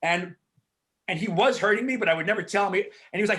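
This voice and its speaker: A man, an actor, answering questions in a casual Q&A over a video call, frank and animated, swearing freely and filling talk with asides. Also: high-pitched, quick pace. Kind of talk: casual Q&A storytelling.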